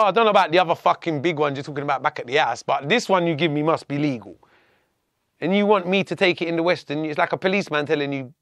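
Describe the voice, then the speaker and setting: A man, a podcast guest, telling his story in casual, profane, animated talk and acting out what others said. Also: a little high, no room sound, clean studio sound. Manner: profane, animated, acts out quoted dialogue.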